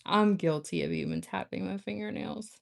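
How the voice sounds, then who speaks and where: A woman's voice: mid-range voice, normal speed, vocal fry. A woman chatting casually with viewers on a livestream, rambling and laughing often. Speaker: nail art livestream host.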